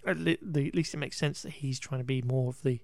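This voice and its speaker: A man's voice: medium pitch, steady tone, fast, creaky, a little mellow, no room sound. A man co-hosting a podcast, chatting casually through a film recap with frequent restarts and laughter. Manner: rambling, self-correcting, laughs often. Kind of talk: casual chat.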